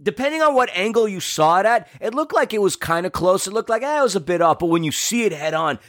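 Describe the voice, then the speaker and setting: A man's voice: sits high, animated, fast, fairly bright tone, dry recording, studio quality. A man co-hosting a podcast, chatting about a soccer match in a laid-back, slangy way. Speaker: podcast co-host. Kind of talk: casual match-recap chat.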